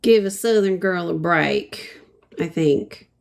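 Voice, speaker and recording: A woman's voice: fairly low pitch, slow, vocal fry, darkish tone. A middle-aged woman giving a casual live painting tutorial, chatty and full of ums as she answers viewers' comments while she works. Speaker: painting instructor.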